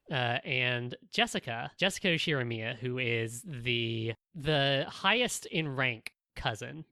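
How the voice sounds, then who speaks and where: A podcast co-host in a casual discussion, talking in an animated way with many fillers and restarts. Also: mid-range voice, dry recording.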